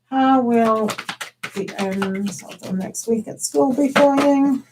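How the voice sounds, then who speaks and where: A woman's voice: fairly high pitch, slow pace, recorded from a distance, noisy background. A woman giving live tarot readings in a chatty, giggly way, with many ums and restarts. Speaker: tarot reader.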